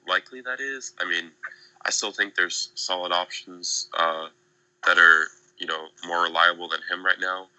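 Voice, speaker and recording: A young man giving casual, measured analysis on a podcast, with plenty of fillers. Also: sits low, sharp tone, dry recording, rough recording. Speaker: guest analyst.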